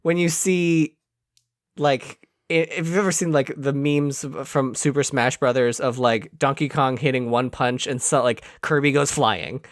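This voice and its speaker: A podcast co-host retelling a movie scene in casual chat, animated and laughing often. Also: medium pitch, a little slow, no echo, studio quality. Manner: animated storytelling with frequent laughs.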